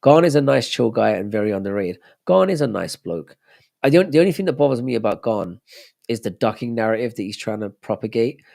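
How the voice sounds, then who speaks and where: A man's voice: medium pitch, expressive, brisk, vocal fry, darkish tone. A young man hosting a casual live stream, chatting loosely and answering viewers' messages as he reads them out. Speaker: livestream host.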